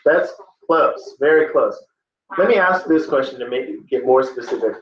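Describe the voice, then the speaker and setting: A man's voice: medium pitch, animated, moderate pace. A male teacher leading a classroom test-prep lesson, questioning students and prompting them by name. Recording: echoey, dull classroom recording with faint noise.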